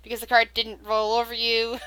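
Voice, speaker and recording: A woman narrating as game master of a tabletop game, animated and tripping over repeated words. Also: fairly high pitch, fairly quick, clean tone, dry recording.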